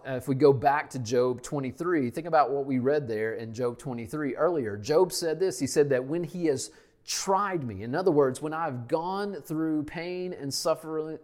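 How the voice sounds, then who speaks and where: With a slightly high voice, a male pastor gives an emphatic sermon, repeating important lines and dropping to a hush as phrases close.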